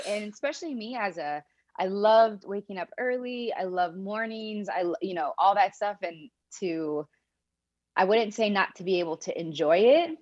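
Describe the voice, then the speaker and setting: A woman's voice: mid-range voice, animated, normal speed. Laughing young woman, lo-fi podcast guest. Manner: reflective, laughs often. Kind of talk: casual interview talk.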